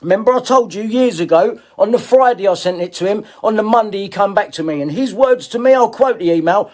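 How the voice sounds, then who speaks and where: A man's voice: sits high, fast talker, hardly any pauses, a little mellow. Furious swearing man ranting. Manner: confrontational, swearing, repeating himself. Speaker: video blogger. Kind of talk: angry ranting monologue.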